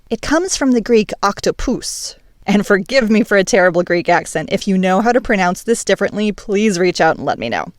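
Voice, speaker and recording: Woman, podcast host, playful, emphatic, teacherly, medium pitch, dry close sound. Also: darkish tone, dry recording. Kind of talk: scripted podcast monologue.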